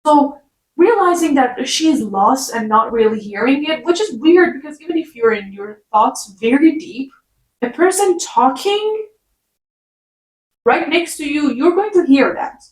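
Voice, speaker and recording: A woman's voice: high-pitched, expressive, a little slow, roomy sound, distant mic, rough recording. A woman giving a casual rant review, exasperated and sarcastic, talking back at the characters. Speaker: book reviewer.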